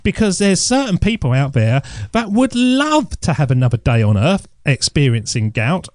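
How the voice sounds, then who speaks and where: A man's voice: fairly high pitch, sing-song, moderate pace, no room sound. A middle-aged man, rambling through a jokey, self-mocking podcast story. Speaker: podcast host. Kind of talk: casual solo podcast monologue.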